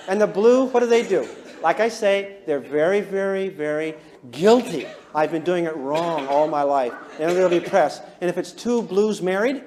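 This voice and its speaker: A man teaching a class, animated and often chuckling as he talks, and quizzing his listeners. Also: high voice, normal speed. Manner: animated, chuckles while talking, quizzes the audience. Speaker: instructor. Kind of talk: classroom lecture.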